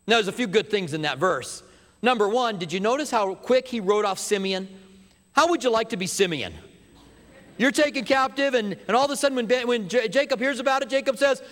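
High-voiced pastor preaching in a reverberant hall. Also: male voice, brisk. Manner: animated storyteller, drops to hushed emphasis. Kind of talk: sermon.

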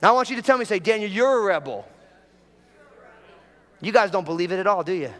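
A man's voice: sits high, lively intonation, brisk, fairly bright tone, big-room sound. A man preaching a sermon as pastor, talking casually and drawing the congregation in with prompts and jokes.

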